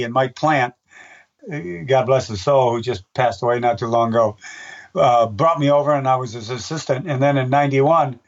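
An older man, a race announcer, telling stories in a casual interview, rambling with restarts and acting out voices in his anecdotes. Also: mid-range voice. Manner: rambling, with many restarts and fillers. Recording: dull, distant-sounding recording.

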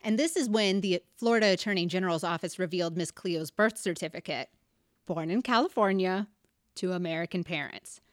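A woman's voice: on the low side, brisk, no room sound. Chatty young woman co-hosting, dry sound. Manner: chatty storytelling, reads out facts with asides and laughs. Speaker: podcast co-host. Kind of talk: casual chat.

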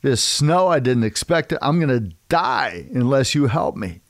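A man's voice: medium pitch, very animated, moderate pace, no echo. A man voicing a cunning male snake in a spoken parable. The snake pleads and coaxes. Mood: pleading. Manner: pleading and coaxing.

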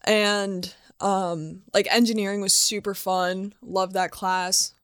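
A woman's voice: medium pitch, little pitch movement, slow pace, a bit bright, smooth, dry recording. Teasing young woman, dry close sound. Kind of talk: casual chat.

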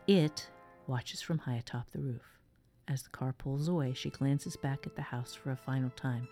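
A woman narrating a spooky story in a suspenseful, measured way. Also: a bass voice, fairly even intonation, warm tone, soft background music.

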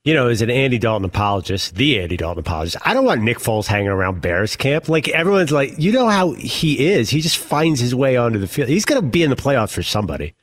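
A man's voice: medium pitch, very animated, fast talker, hardly any pauses. A man, a regular on a sports talk show, chiming in with questions. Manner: chatty, asks pointed questions.

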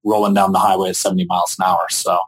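A man's voice: low-pitched, little pitch movement, racing, breathy edge. A man hosting a podcast, chatting casually and reacting to his guest's story. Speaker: podcast host. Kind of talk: casual interview chat.

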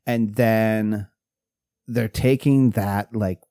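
This podcast co-host from Pennsylvania speaks very slowly in a lowish, mellow voice with a steady tone. Chatting casually, he rambles, restarts often, and laughs as he tells stories, in a clean, echo-free studio recording.

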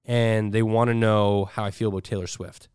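A man co-hosting a podcast, talking fast and acting out arguments in quick put-on voices. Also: on the low side, clear, resonant tone, dry recording, clean studio sound. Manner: fast, animated, acts out quarrels in shifting voices. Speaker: podcast co-host. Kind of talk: casual podcast banter.

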